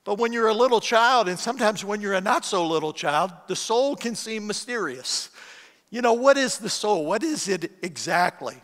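Speaking in a high, animated, slightly bright voice at normal speed, a middle-aged guest preacher tells self-deprecating stories during his sermon. It was recorded in a church auditorium with long hall reverb.

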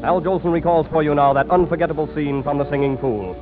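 A man's voice: on the high side, fairly even intonation, fast talker. A man narrating a scripted radio program as announcer in a formal, declamatory manner. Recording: tinny 1930s radio broadcast with music.

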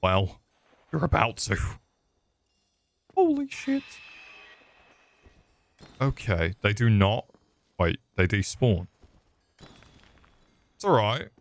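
Man, young adult, lowish pitch, profane joking game commentary. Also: lively intonation, slow, creaky, long pauses. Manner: profane, rambling, jokey. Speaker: gaming streamer. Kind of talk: casual livestream commentary.

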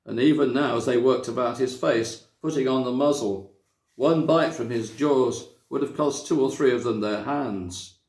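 A man from a church reading a children's story aloud, with measured, dramatic storytelling. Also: medium pitch, darkish tone. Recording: echoey room.

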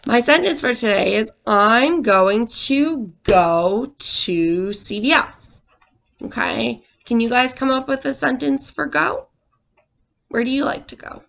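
A young woman teacher reading a picture book aloud to small children, with expressive sound effects and questions to the class. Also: fairly high pitch, slow, gravelly.

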